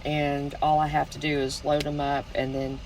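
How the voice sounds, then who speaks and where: A woman in casual chat, telling stories in an unhurried way and laughing often. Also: low voice, completely flat delivery, a little mellow, slight background noise, low-quality recording. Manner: unhurried storytelling, frequent laughter. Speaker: snare maker.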